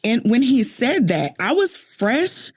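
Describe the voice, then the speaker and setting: A woman from New Orleans hosting a podcast, telling stories in animated casual chat and repeating phrases for emphasis. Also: fairly high pitch, takes it slowly, breathy edge. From New Orleans, USA. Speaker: podcast host.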